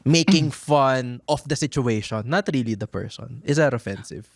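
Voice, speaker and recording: A man's voice: mid-range voice, moderate pace, vocal fry, no room sound, clean studio sound. A Filipino man hosting a casual podcast chat, playful, switching between English and Filipino. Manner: playful, reads a sponsor plug mid-chat. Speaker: podcast host.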